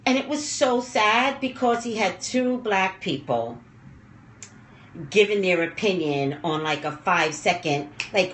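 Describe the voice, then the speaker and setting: Woman ranting slowly into her phone on a livestream, emotional, rambly, goes quiet and low when she's upset. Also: reverberant, slight background noise. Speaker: online pop culture commentator. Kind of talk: livestream rant.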